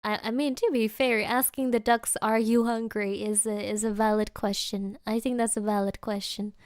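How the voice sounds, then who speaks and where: A woman's voice: fairly high pitch, level tone, no room sound. A woman streamer, a native German speaker, giggling as she retells video clips in English. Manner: giggly, retells clips with quick put-on voices. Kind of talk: casual reaction commentary.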